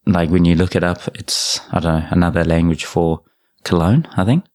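A man's voice: deep voice, moderate pace, a little mellow. A young man with a New Zealand accent hosting a podcast, chatting casually in a rambling way with many fillers and restarts. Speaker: podcast host. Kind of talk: casual chat.

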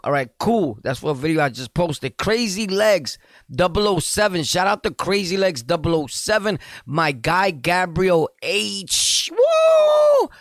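Gravelly streetwise man hyping viewer shout-outs. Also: on the high side, dry recording, studio quality. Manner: loose, streetwise, laughing, hyped shout-outs. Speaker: podcast host. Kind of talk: casual solo podcast with viewer shout-outs.

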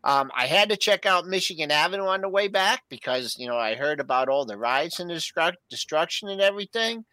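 A middle-aged man co-hosting, telling a weekend story with lively enthusiasm. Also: a little high, brisk, few pauses, no echo. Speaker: co-host. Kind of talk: casual storytelling chat.

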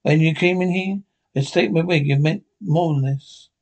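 A man reading an audiobook voices a calm, wry doctor. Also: on the high side, moderate pace.

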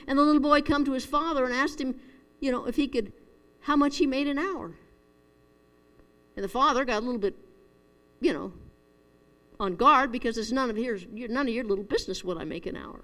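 A middle-aged woman delivers a down-to-earth sermon in an earnest, storytelling way. Her voice sits a little high. The room gives it a long, echoey hall reverb. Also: a bit bright. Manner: earnest, storytelling, chuckles at herself. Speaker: preacher. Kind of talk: conversational sermon.

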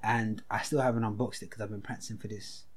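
Speaking with a lowish, steady voice that has a breathy edge, a young podcast co-host jokes around with a partner on a video call. The chat is casual, fast, and teasing, and he keeps bursting out laughing.

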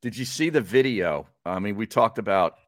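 A man hosting a sports talk show, laid-back and quick to agree. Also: lowish voice, lively intonation, no room sound, studio quality. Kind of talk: casual sports radio chat.

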